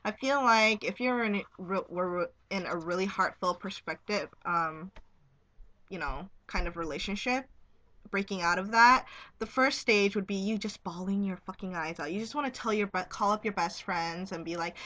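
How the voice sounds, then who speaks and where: A young woman talks straight to her camera at home in a casual vlog. Her voice is bright and clear, and she giggles, swears freely and speaks bluntly. She sounds like she is recording on the camera's own mic. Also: medium pitch, moderate pace. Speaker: vlogger.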